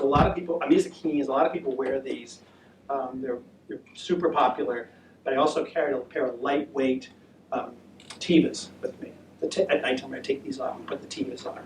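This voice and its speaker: A man's voice: mid-range voice, brisk. American man, casual talk presenter, rambling and friendly delivery; roomy sound, faint noise, distant mic. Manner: chatty, rambling, with many fillers and restarts. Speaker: presenter of a walking trip talk. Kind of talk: casual presentation with audience questions. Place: senior center room.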